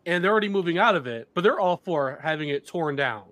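An emphatic co-host arguing his point in a loose chat among friends. His voice sits a little high and moves a lot in pitch. The recording is dry and close. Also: lively intonation, quick pace, fairly bright tone, no echo. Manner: opinionated, emphatic. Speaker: podcast co-host. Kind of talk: casual chat.

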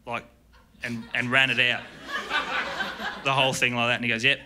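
Rambling Australian comedian on stage. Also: male voice, medium pitch, moderate pace, background noise. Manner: rambling, deadpan, self-interrupting. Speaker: stand-up comedian. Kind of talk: stand-up comedy set. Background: audience laughter.

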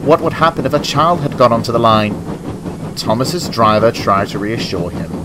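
A man narrating a children's storybook tale about engines in a gentle, expressive way. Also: medium pitch, normal speed, background noise. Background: music.

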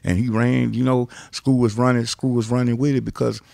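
A man from Texas, an interview guest, telling long stories in an animated way, repeating words and swearing freely. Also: mid-range voice, a little fast, vocal fry, no echo. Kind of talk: animated storytelling.

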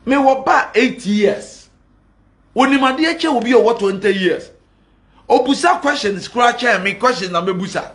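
Ghanaian male pastor, high voice, heated preaching, defiant and combative. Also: lively intonation, moderate pace, a bit bright, reverberant. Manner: mixes Twi and Pidgin English, fiery and defiant.

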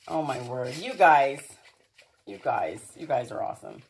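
A woman's voice: very deep voice, lively intonation, unhurried, gravelly, long pauses, darkish tone, a little hiss or hum. A woman hosting a home pet vlog, talking playfully to her dogs and to viewers. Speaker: vlogger, dog owner.

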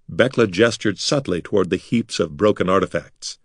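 A man reading a fantasy novel aloud as an expressive audiobook narrator. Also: lowish voice, moderate pace, hardly any pauses, no echo, studio quality. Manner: lively, expressive storytelling.

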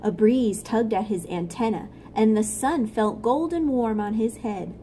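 A woman reading a picture book aloud to young children, gently stopping to explain things. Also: fairly high pitch, measured pace, a little hiss or hum. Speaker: storyteller for children.

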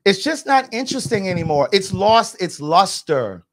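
Outspoken female podcast host, blunt and animated, dishing gossip in casual talk. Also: medium pitch, moderate pace. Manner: animated and emphatic. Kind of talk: casual pop-culture commentary.

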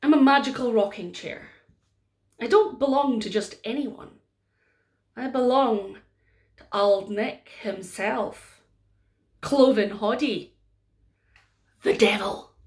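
A chatty magical rocking chair, put on by a woman telling a folk tale, speaking a little louder and slower than the narration around it. It grumbles about the heat. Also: fairly high pitch. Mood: mysterious.

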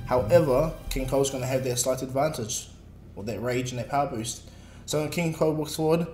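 A man's voice: medium pitch, normal speed, a little mellow. A man casually narrating a fan story in a rambling way, with filler words. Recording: echoey room, faint music.

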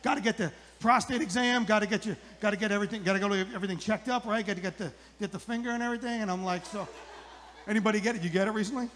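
A man in his forties doing a live stand-up routine, acting out characters in high put-on voices. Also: very fast, fairly bright tone, in a large hall. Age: 40s. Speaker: stand-up comedian. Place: outdoor comedy club stage.

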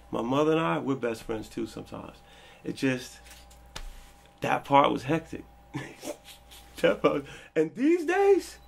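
Man, 40s, interview guest: raspy, gravelly storyteller who acts out the people in his tales. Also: medium pitch. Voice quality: gravelly, husky. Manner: animated, acts out quoted people with a raised voice.

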